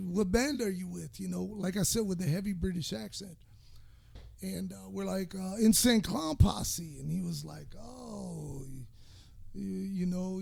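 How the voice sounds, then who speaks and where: Gravelly man telling a rambling story. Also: high voice, a little mellow. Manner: rambling, profane, drawn-out storytelling with many fillers. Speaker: podcast co-host. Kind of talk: casual storytelling chat.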